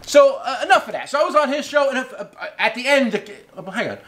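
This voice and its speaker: A man's voice: very high voice, very animated, quick pace, a bit bright. A middle-aged man hosting his own show, telling a long story in a loose, rambling way and swearing casually. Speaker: host and tool company owner.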